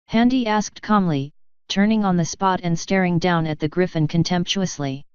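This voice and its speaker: A woman reading fan fiction aloud in an even, measured audiobook narration. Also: lowish voice, smooth, no room sound, dull audio. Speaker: fanfiction reader.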